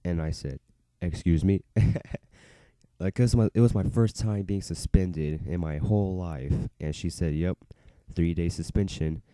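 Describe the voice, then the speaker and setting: A man's voice: sits low, a little slow, dark tone, dry recording. A young man casually telling a rambling personal story to camera, full of fillers and frequent laughter. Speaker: vlogger.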